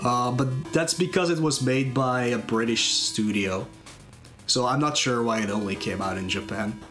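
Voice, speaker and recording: With game music in the background, a relaxed speedrunner gives live commentary, explaining the game as he plays and chatting with viewers between moves. He speaks at a moderate pace in a mid-range voice, checking the chat as he goes.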